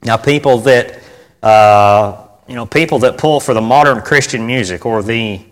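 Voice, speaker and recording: A man preaching informally to his congregation, chatty and direct, driving points home by repeating them and asking for an amen. His voice sits at an ordinary middle pitch. It rings with a long reverb, as in a church sanctuary. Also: normal speed. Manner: conversational, repeats phrases for emphasis, asks the audience for responses. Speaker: preacher teaching on church music.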